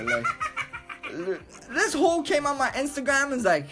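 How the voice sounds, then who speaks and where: A man's voice: extremely high pitch, wildly swooping pitch, a little slow, over loud music. A young man hosting a podcast, talking casually and launching into crude, profane rants. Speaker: podcast host.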